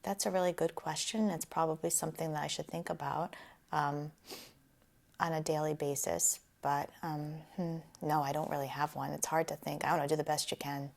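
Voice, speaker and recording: A woman in her forties with a light southern Rhode Island accent and a low, gravelly voice. She answers interview questions casually, pausing to think and filling gaps with ums. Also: flat delivery. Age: 40s. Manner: hesitant and thoughtful, with frequent ums.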